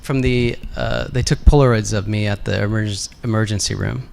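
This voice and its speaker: Gravelly man answering panel questions. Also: on the low side, normal speed. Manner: relaxed and candid, with frequent fillers and a soft laugh. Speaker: guest actor on a fan convention panel. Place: fan convention panel.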